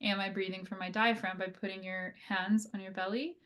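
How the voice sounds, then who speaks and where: A woman occupational therapist giving an educational lecture on breathing, talking conversationally with frequent fillers like "right?" and "like", and slowing down to demonstrate calm breathing. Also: mid-range voice.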